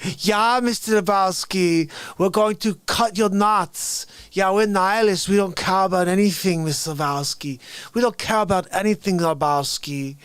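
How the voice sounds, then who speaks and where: A man voicing a menacing nihilist thug with a flat, threatening delivery. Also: high-pitched, moderate pace, clean tone, no echo. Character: menacing male nihilist thugs from a film.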